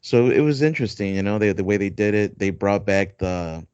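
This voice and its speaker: A man's voice: lowish voice, lively intonation, brisk, a little mellow, smooth, no room sound. A man hosting a podcast in casual chat, rambling with lots of fillers and frequent laughs. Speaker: podcast host. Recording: dull dry lo-fi recording.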